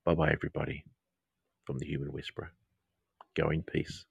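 A deep-voiced Australian man guides a meditation in a soft, husky half-whisper, his voice heavy with gravelly fry. He talks slowly and soothingly, close to the microphone in a dry, dead room. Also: little pitch movement, no room sound, low-quality recording. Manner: slow, soft and soothing, repeating mantras. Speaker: counsellor and podcast host. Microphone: close to the mic.

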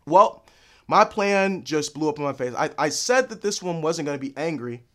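A young man with a high voice delivers a fired-up, profane rant. He hammers the same points over and over and acts out the voices of the people he quotes. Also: lively intonation, fairly quick, fairly bright tone. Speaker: MMA commentary vlogger. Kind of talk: ranting opinion monologue.

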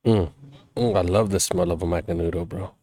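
A young man, co-hosting a casual podcast, loud and full of crude jokes. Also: low-pitched, brisk, no echo. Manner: animated, loud, crude joking. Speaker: podcast co-host. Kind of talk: casual chat over beers and cigars.

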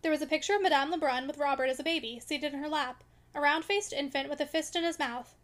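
A woman with a high voice narrates a classic novel as an audiobook reader, moving at a quick pace and reading expressively.

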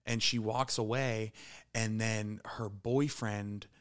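A man's voice: on the low side, steady tone, takes it slowly, fairly bright tone, clear, resonant tone. A man in his thirties from the Pittsburgh area, telling rowdy, profane stories as a guest in a casual podcast chat. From Pittsburgh area, USA.

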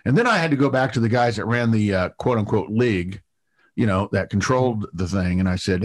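A man's voice: mid-range voice, moderate pace. Man telling a long anecdote with many restarts. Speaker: TV producer guest. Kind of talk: storytelling interview.

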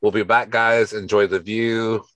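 A man's voice: lowish voice, flat delivery, a little slow, fairly bright tone, no echo, rough recording. A man co-hosting a podcast, chatting casually and joking about celebrity drama with swearing. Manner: playful, profane, jokes in mock talk-show voice. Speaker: podcast co-host. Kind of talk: casual gossip chat.

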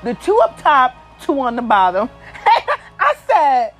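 A woman hosting a podcast, telling a story in a casual, animated and crude way, with plenty of swearing. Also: sits high, slow pace, faint music behind, poor audio. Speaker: podcast host.

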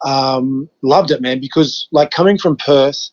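Unhurried and mid-range, the voice of this fifty-something Western Australian podcast guest comes through lo-fi sound. He tells casual stories in a relaxed manner, swearing freely and acting out his reactions.

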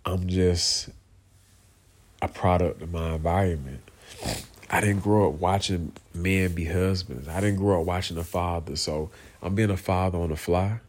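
A man with a very deep, low voice talks straight to his viewers in a heartfelt personal monologue. He sounds emotional and earnest, and speaks haltingly. He restarts his sentences, repeats phrases and keeps saying "you know" and "man". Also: darkish tone. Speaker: vlogger, father speaking to viewers.

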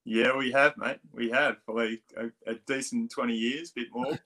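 A man's voice: medium pitch, fairly even intonation, normal speed, bright, forceful tone. A middle-aged man with a strong Australian accent, a swim coach chatting as a guest, rambling with many restarts. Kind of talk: casual interview chat.

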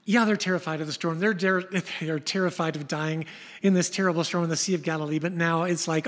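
An older man preaching a sermon, telling stories in an animated way and dropping to a whisper for emphasis. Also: fairly high pitch, fast talker. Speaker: pastor. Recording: long reverb of a large hall.

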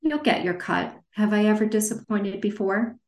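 A woman reading as a smooth Italian schemer. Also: high-pitched, expressive, normal speed, voice pushed up. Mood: smooth, scheming. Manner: smooth, easygoing flair. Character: scheming smooth-talking Italian man, a con partner. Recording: roomy echo.

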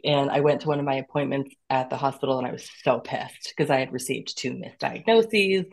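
A woman's voice: a bass voice, a little fast, creaky, few pauses. A woman in her thirties, a podcast guest, telling her own story candidly and expressively, often laughing and acting out what she said to herself. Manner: animated and expressive, with frequent laughs and acted-out quotes of herself.

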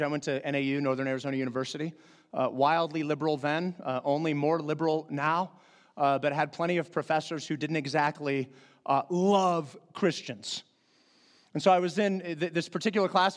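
A man's voice: high voice, in a large hall. A middle-aged man preaching a sermon as pastor, earnest and emphatic, repeating key phrases for stress.

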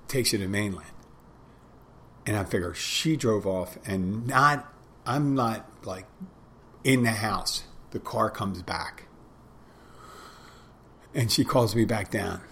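A man's voice: lowish voice, slight background noise. A man in his twenties casually telling a rambling personal story, often correcting himself and quoting back and forth. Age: 20s. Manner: rambling, self-interrupting storytelling with quoted dialogue.

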